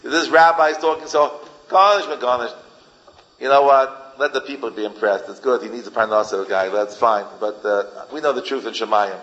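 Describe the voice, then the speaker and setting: A man's voice: mid-range voice, normal speed, fairly bright tone, dull audio. A man giving an informal Torah lecture as a rabbi, emphatic and repeating phrases for effect. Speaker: rabbi teaching a class.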